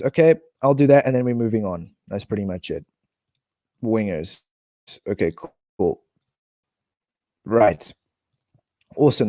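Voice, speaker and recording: A South African man chats casually on a live stream, thinking out loud and reading viewers' comments aloud. His mid-range voice comes through clean studio sound with no echo.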